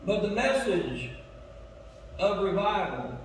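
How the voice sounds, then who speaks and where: A man's voice: big pitch swings, slow. Male pastor, impassioned revival preaching, heard distant in a very reverberant sanctuary with faint noise. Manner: impassioned, swings between loud urging and low asides. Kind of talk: revival sermon. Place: church sanctuary. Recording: echoey church hall from far off.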